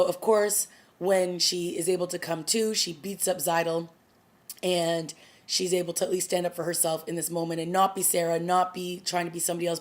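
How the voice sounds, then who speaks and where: Chatty woman recapping a TV episode. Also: lowish voice. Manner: chatty, opinionated, laughs while retelling scenes. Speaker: TV review vlogger. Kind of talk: casual spoken episode recap.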